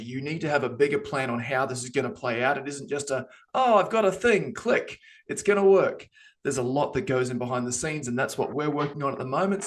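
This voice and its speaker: A man co-presenting on a webinar, talking casually and rambling, with lots of ums and restarts. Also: medium pitch. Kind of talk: casual live demo talk.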